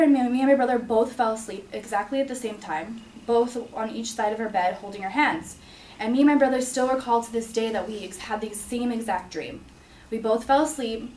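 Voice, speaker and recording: A young woman telling a personal story to an audience in a halting, earnest way, full of fillers and restarts. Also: a little high, a little mellow, a little hiss or hum. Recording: roomy, distant mic with faint ambience.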